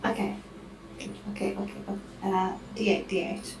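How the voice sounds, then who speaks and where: A woman playing a tabletop game, speaking hesitantly and pausing to think. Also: medium pitch, wildly swooping pitch, reverberant, far from the mic, over music, rough recording. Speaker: player.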